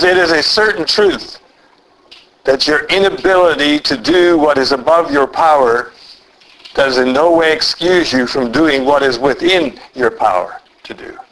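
A man with a fairly high voice preaches a sermon. He speaks earnestly and leans hard into key words. He slows down as his voice rises on the points he stresses. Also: rough recording. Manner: earnest preaching, rising to emphatic peaks; lively pitch, slows down for emphasis.

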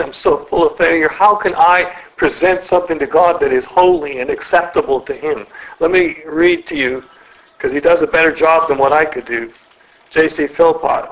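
A man preaching an earnest sermon in a church, slowing and dropping his voice to stress key words. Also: on the high side, a bit bright, rough recording. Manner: earnest, slows and drops for emphasis.

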